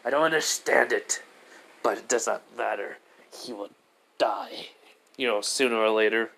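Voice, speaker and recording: A man voicing a resentful young male villain, muttering his thoughts quietly. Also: fairly low pitch, moderate pace, gravelly, slight background noise. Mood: menacing.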